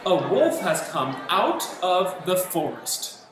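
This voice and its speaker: A man voicing a bored, mischievous shepherd boy who yells in shrill, giggly excitement in a storybook reading. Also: takes it slowly, very noisy, heavily acted. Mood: panicky yelling. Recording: roomy echo, loud guitar music.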